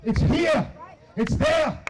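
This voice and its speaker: A man giving a shouted, emphatic and profane speech to a crowd at an outdoor protest. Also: very high voice, slow, noisy background. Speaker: protest speaker. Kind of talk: rally speech.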